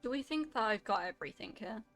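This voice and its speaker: A woman streaming a game and chatting casually with her viewers, animated and quick to react. Her voice is bright and sharp with a gravelly fry running through it. Faint game music plays underneath. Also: a little high. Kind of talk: casual gameplay chat with chat.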